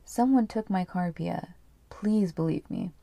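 Woman voicing a pleading inmate husband, mellow and unhurried, dry close sound. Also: lowish voice, creaky, no room sound. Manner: pleading, desperate.

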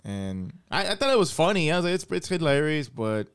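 Man with a lively, swooping voice. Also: fairly high pitch, clean tone. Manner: laughing, lively, quick to chime in. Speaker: podcast co-host. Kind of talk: casual chat.

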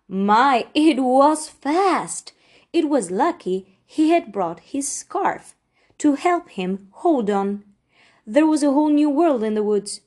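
A woman reading a children's picture book aloud in an animated, expressive storytelling manner. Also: a little high. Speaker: storybook reader.

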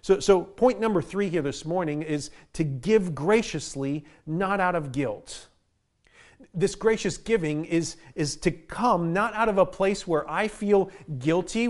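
A man preaching a sermon as pastor, earnest and often repeating the first word of a phrase. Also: high voice. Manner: earnest, repeats words when starting phrases.

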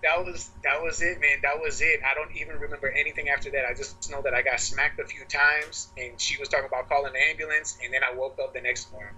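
A young man on a podcast telling a wild party story in casual chat, animated and laughing often, acting out quoted voices in a high pitch. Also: fast, few pauses, a little hiss or hum, low-quality recording. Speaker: podcast co-host.

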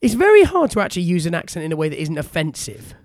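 Lively high-voiced podcast host. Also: male voice, dry recording, studio quality. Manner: chatty, jokey, quick to argue. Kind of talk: casual chat.

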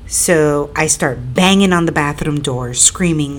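A woman's voice: low voice, a little slow, few pauses, a little hiss or hum. A woman telling a personal story in a casual, rambling way, repeating herself with fillers and building to emphatic, indignant stretches.

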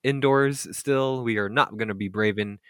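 A man's voice: medium pitch, normal speed, clean tone, no echo, studio quality. A young man co-hosting a podcast, trading crude jokes in loose casual banter and swearing freely. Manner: animated, joking, swears freely. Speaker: podcast co-host.

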